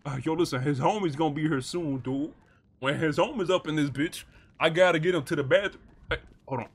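Brash high-voiced man barking street slang. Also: fairly quick, slightly rough. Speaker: streamer role-playing a prison gang leader. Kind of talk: game role-play voice chat.

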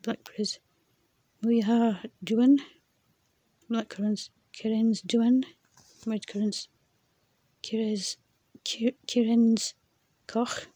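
Slow, husky woman reading vocabulary aloud. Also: on the high side, little pitch movement, warm tone, no room sound. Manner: repeats words, stumbles and laughs at herself. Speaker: language learner reading from her exercise book.

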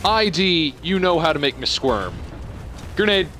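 Excitable swearing young gamer guy. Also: fairly high pitch, a little slow, faint music behind. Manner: excitable, swearing, reacting out loud. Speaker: gameplay streamer. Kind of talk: live let's-play commentary.

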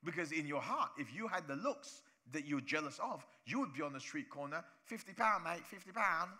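A male pastor from preaching a sermon in church, animated, acting out voices of people he talks about. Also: on the high side, a little fast.

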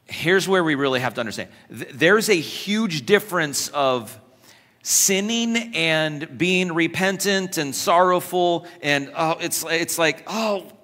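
A pastor with a high-leaning, pushed and bright voice and lively intonation preaches unhurriedly in a church, the recording full of long hall reverb. He jokes with his congregation and performs quoted voices with humorous asides.

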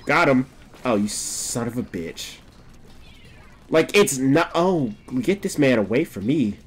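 A young man streaming a game, chatting casually, swearing often and breaking into laughter and excited outbursts. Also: mid-range voice, slow, husky. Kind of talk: casual gameplay commentary.

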